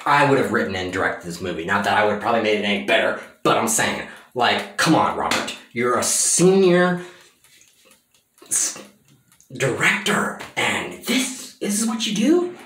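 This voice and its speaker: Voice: medium pitch, sing-song, normal speed, a bit bright. A film reviewer giving a casual, exasperated rant about a movie, swearing freely, recorded in a bathroom. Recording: echoey bathroom sound.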